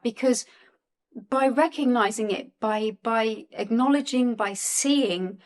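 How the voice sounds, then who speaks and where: A woman's voice: fairly high pitch, measured pace. Earnest emotional woman in her forties. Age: 40s. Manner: earnest, emotional, repeats and restarts phrases. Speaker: guest on a spiritual channel. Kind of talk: heartfelt spiritual talk to viewers.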